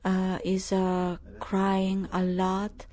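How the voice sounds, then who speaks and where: A woman preaching, recounting news in a halting, filler-heavy way, rising to forceful preaching. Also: mid-range voice, completely flat delivery. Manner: halting, many fillers and restarts; grows loud and forceful when preaching. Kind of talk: sermon reading news and prophecy.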